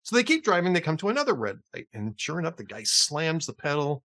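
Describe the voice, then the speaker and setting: A man's voice: fairly high pitch, wildly swooping pitch, fast, bright, forceful tone. A man hosting a casual political talk show, chatty and often laughing at his own jokes. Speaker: podcast host.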